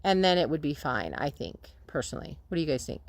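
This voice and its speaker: A woman's voice: sits low, big pitch swings, quick pace, no echo. A woman vlogging casually from her homestead, chatting to the camera about small projects. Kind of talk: casual vlog chat. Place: tiny home and yard on a rural homestead.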